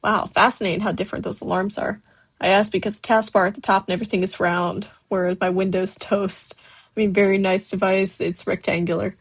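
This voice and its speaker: A woman hosts a casual livestream, reading viewers' messages aloud and answering each one as it comes in. Her voice has a gravelly edge and a husky grain. She talks loosely, with plenty of fillers and restarts. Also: medium pitch, level tone, brisk. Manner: reads chat messages aloud and answers them. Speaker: stop-motion creator hosting a livestream.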